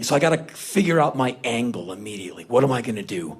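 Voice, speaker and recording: A man in his fifties doing a comic spoken word monologue on stage, animated and given to sudden loud outbursts. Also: medium pitch, fast. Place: stage before an audience.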